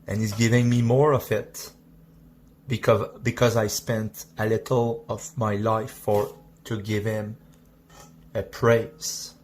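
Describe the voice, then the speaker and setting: A man explaining scripture in a preaching style, halting and restarting mid-sentence. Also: on the low side, level tone, a little hiss or hum. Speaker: Bible teacher on a video clip.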